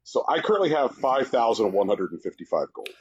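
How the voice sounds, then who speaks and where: A man's voice: mid-range voice, big pitch swings, brisk, slightly rough, highs cut off. A man co-hosting a podcast, chatting casually and swearing as he spins jokey, mock-romantic stories. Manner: joking, swears, tells mock-romantic bits. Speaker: podcast co-host. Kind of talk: casual chat.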